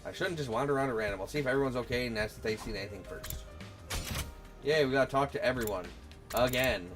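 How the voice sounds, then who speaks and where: Guy streaming a visual novel, talks quick and dry, game music behind. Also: medium pitch. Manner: fast, sardonic asides.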